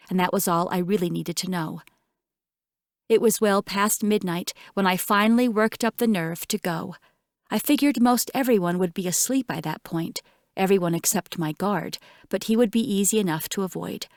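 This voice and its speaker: A woman narrating an audiobook in first person, with measured, tense storytelling. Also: mid-range voice, no room sound, clean studio sound.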